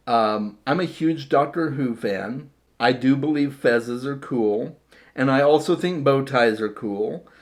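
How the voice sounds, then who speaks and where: A man talks casually to his camera with a middle-pitched voice. His speech is chatty and rambling, full of repeated words and self-deprecating asides. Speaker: vlogger showing his hat collection.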